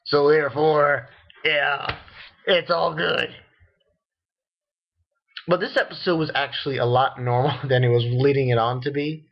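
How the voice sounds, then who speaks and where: Excitable, profane young man reviewing anime. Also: a little slow, pauses often, highs cut off. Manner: excitable and profane, rambling, jumps into shrill disbelief. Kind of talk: casual webcam review rant.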